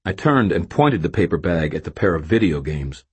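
A man's voice: extremely low pitch, normal speed, hardly any pauses, darkish tone, breathy edge. A man narrating a first-person novel with a wry, self-mocking storytelling manner. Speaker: audiobook narrator.

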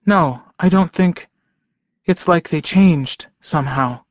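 A man reading an audiobook, voicing a calm older woman in a werewolf pack. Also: fairly high pitch, slow pace, dry recording, lo-fi sound, voice pushed up. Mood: worried.

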